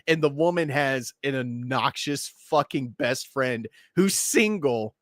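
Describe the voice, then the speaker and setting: A man's voice: medium pitch, expressive, measured pace, no room sound, clean studio sound. A man co-hosting a podcast, telling crude stories in casual chat and laughing a lot. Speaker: podcast co-host.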